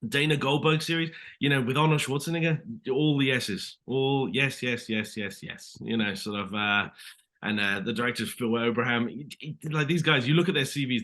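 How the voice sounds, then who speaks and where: A British man in his thirties chats as an interview guest, the words pouring out fast. His voice sounds bright and forceful. He rambles through his stories with plenty of restarts and an easy "mate" thrown in. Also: medium pitch. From Britain. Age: 30s. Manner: rambling storyteller, many restarts, says mate. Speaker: actor guest. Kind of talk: casual interview chat.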